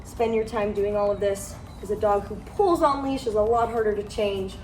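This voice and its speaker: A woman's voice: mid-range voice, steady tone, moderate pace, echoey room, recorded from a distance. A woman dog trainer giving a training demonstration outdoors, praising the dog and explaining to owners. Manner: praising, instructive, coaching. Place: outdoors on a driveway or street.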